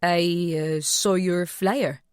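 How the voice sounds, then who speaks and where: A woman voicing a worried woman with a European accent who speaks hesitantly, pausing with uh. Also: on the low side, fairly even intonation, smooth, dry recording, clean studio sound. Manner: hesitant, full of uh pauses. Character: anxious woman with a foreign accent.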